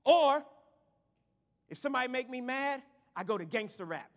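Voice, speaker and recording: A man preaching a lively sermon to his congregation, swinging from shouts to quiet asides. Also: very high voice, quick pace. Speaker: pastor. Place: church sanctuary. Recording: long hall reverb.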